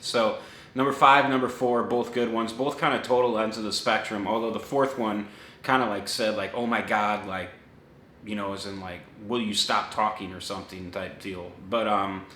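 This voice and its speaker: A man's voice: on the low side, normal speed. A young man casually presenting his paranormal recordings, rambling with lots of fillers, a dog somewhere near him. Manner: relaxed, rambling with many fillers. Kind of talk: casual talk to camera. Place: home room with a dog nearby. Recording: echoey room, faint noise.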